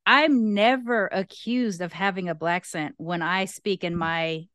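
In a relaxed podcast conversation, the guest co-host, a woman from North Long Beach, California, shares her frank opinions and talks at length. She speaks at a measured pace in a fairly low, smooth voice with a touch of brightness. The studio-quality audio has no echo.

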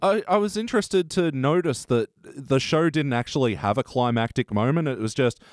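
A man's voice: medium pitch, moderate pace, dry recording, clean studio sound. A man hosting a casual review podcast, chatting and steering the talk with questions. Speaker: podcast host. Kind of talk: casual chat reviewing episodes.

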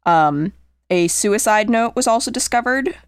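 A woman co-hosting a true crime podcast, reading a long letter aloud in a slow, measured way with short asides. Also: a little high, lively intonation, smooth, no echo, clean studio sound. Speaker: podcast co-host.

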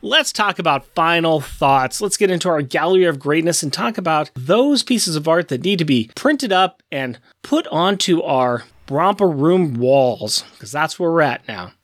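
A man's voice: fairly high pitch, normal speed, hardly any pauses, dry recording, clean studio sound. A man co-hosting a podcast, chatting casually and playfully about comic books and laughing often. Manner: animated, laughing, playful comic-book banter. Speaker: podcast co-host. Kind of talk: casual chat.

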